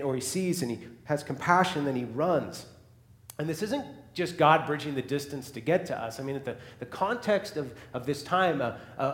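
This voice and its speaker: Fervent preaching man, echoey room. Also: fairly high pitch. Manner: swings from loud and fervent to hushed and soft, with restarts. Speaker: pastor. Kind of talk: sermon.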